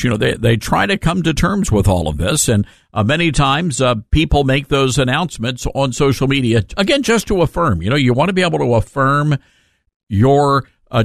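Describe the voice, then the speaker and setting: A man hosting a talk radio show in a sarcastic, mocking monologue, with halting fillers and chuckles. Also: medium pitch, vocal fry, a bit bright, dry recording, studio quality.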